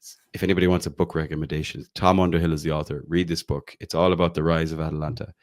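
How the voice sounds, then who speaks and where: A man's voice: extremely low pitch, level tone, very fast. An Irish man from Galway co-hosting a football podcast, rambling enthusiastically and often restarting his sentences. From Ireland, County Galway. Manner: rambling, self-correcting, enthusiastic. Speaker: podcast co-host. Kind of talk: casual football podcast chat.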